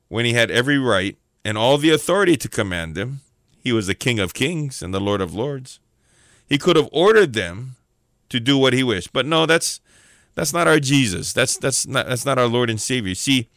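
A man's voice: medium pitch, a bit bright, dry recording, studio quality. A middle-aged man preaching a sermon, telling stories and asking rhetorical questions in a reflective way.

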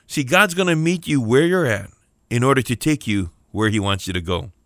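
A man preaches as a prison minister, bright and forceful in tone. His delivery is emphatic, stacking repeated phrases into rising calls. The sound is dry and close. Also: mid-range voice, animated, moderate pace, dry recording. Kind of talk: sermon.

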